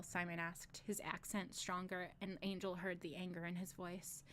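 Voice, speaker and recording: A woman reading a fantasy novel aloud on a live stream, steady in the narration and breaking off for joking asides. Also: fairly low pitch, moderate pace, a little hiss or hum. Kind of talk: casual read-aloud with asides.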